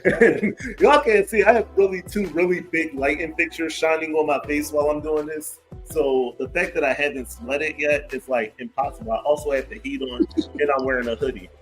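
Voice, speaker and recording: A man in his thirties hosting a podcast, talking in a casual chat, telling stories with lots of fillers and quick laughs. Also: on the high side, soft background music, poor audio. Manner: animated storytelling, laughs easily, many fillers. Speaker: podcast host. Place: home studio with big lights.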